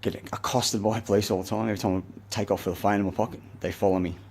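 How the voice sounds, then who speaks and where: A man's voice: on the low side, steady tone, fast talker, gravelly, darkish tone, breathy edge. An Australian man delivering a rambling, agitated, swear-laden monologue to the camera. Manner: profane, agitated, rambling ranting. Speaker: self-recorded speaker.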